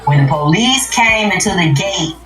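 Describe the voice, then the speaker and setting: A woman's voice: lively intonation, moderate pace, roomy sound, soft background music, rough recording. Profane, emphatic woman livestreaming. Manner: profane, emphatic, swings from low muttering to high shouts. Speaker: livestream host. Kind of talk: unscripted livestream rant.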